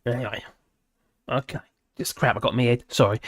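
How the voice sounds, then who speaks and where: A man's voice: medium pitch, steady tone, normal speed, long pauses, no room sound, clean studio sound. A man hosting a live stream, chatting casually with viewers and rambling between topics while laughing often.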